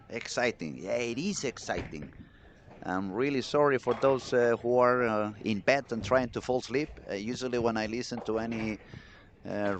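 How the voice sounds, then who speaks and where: Excitable male bowling commentator. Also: mid-range voice, slight background noise. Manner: chatty, excitable, reads chat messages aloud. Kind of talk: live sports commentary.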